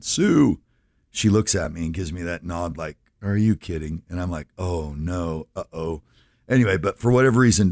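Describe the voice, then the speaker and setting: A man's voice: deep voice, dry recording, clean studio sound. A man in his fifties from California, an advisor introducing himself in an earnest, filler-heavy monologue that keeps checking in with listeners. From California, USA.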